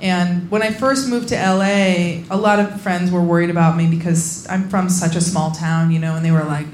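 Young woman comic from Indiana, dry deadpan delivery, live set with audible room noise. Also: lowish voice, moderate pace, hardly any pauses. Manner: deadpan storytelling, acts out quoted voices. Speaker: stand-up comedian. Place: comedy venue with a laughing audience. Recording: live show recording with clear audience noise.

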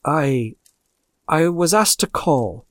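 A man voicing a nervous male messenger who speaks slowly and formally while delivering bad news. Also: mid-range voice, lively intonation, dry recording, clean studio sound, lightly acted. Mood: hesitant. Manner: halting, slow, formal.

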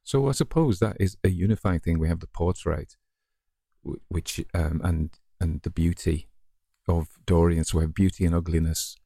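A man's voice: low voice, normal speed, gravelly, warm tone, dry recording, studio quality. A man with a Northern English accent, hosting his own story podcast and chatting casually and self-deprecatingly to listeners. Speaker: podcast host and story reader.

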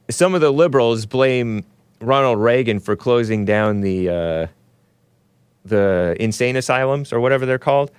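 A man's voice: lowish voice, clean tone, dry recording. A man hosting a live call-in stream, rambling casually, laughing often and reading viewer comments aloud. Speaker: show host.

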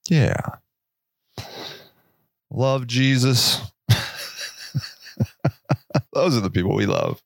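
A man's voice: mid-range voice, very slow, gravelly, long pauses, no echo, clean studio sound. A man hosting his own podcast, talking alone in a rambling, sarcastic way and laughing at his own jokes. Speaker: podcast host. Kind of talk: casual monologue.

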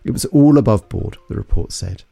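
A man's voice: on the low side, expressive, fairly quick, vocal fry, dark tone, no echo, faint music behind. A man from London narrating an investigative story in a suspenseful, scripted way. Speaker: podcast narrator.

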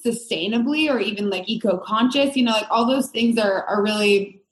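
A woman's voice: a little high, fairly quick. A woman guest on a podcast interview, talking in an earnest, emphatic way. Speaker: guest, brand co-founder. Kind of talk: casual interview chat. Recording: echoey room.

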